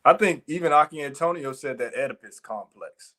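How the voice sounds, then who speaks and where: A man's voice: fairly high pitch, a little fast, bright, forceful tone. A man co-hosting a ministry podcast, talking casually but emphatically, with preachy rhetorical questions. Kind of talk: casual chat.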